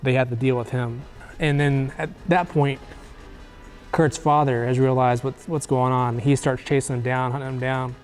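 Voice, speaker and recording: A man in the middle of his range, talking through a movie plot in a loose, rambling way, full of "uh"s, restarts and quick quoted lines. Faint music sits underneath him. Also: mid-range voice, level tone, darkish tone. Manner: rambling, filler-heavy plot retelling with quick acted quotes. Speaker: movie review host. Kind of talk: casual movie recap.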